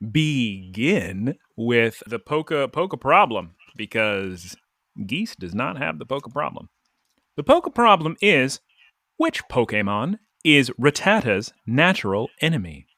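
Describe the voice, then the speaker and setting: A man's voice: mid-range voice, sharp tone, dry recording, studio quality. A man co-hosting a podcast, recapping an anime episode in rambling, jokey casual chat full of "like". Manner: rambling, jokey, lots of "like" fillers. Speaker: podcast co-host.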